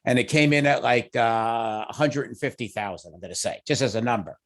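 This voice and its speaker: A man's voice: medium pitch, a little fast, fairly bright tone. Easygoing Long Island man chairing a meeting. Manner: easygoing, conversational, thinks aloud. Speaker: committee chair. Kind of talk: meeting discussion.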